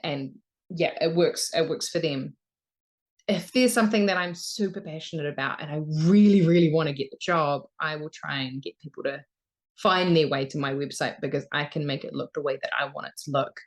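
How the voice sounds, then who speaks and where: A young woman from New Zealand, a voice actor, chatting casually in an interview and laughing often. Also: deep voice. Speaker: voice actor guest.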